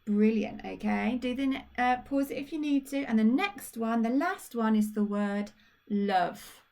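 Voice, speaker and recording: Speaking with a Birmingham accent, this woman teaches phonics to small children in a recorded primary school lesson, slowly sounding things out with patience and encouragement. Her voice is a bit high and slightly mellow, with lively intonation and some vocal fry.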